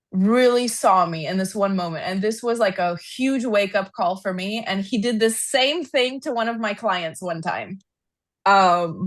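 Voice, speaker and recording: Animated woman telling a story, dry sound. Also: dry recording. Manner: animated storyteller, frequent "like", rises in pitch when reliving anger. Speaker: podcast guest, equine therapist. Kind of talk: casual interview storytelling.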